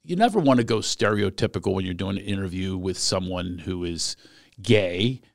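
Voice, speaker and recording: A man interviewing a guest in casual chat, animated and teasing, often talking over him. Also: deep voice, normal speed, creaky, no echo, studio quality.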